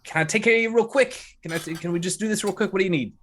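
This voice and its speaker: Male game master voicing a nervous half-elf bar owner, pitched way up, frantic and stammering, in a tabletop game. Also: racing, a bit bright, slight background noise. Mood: flustered. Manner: frantic, stammering, much higher than his own voice.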